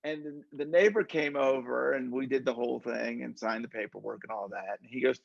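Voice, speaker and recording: Gravelly podcast host man. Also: mid-range voice, steady tone, brisk, hardly any pauses, no room sound, dull audio. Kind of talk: casual interview chat.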